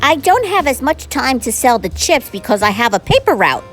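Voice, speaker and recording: A woman voicing a shy, kind young schoolboy who speaks softly and hesitantly. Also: fairly high pitch, sing-song, brisk, faint music behind, voice pushed up. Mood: timid.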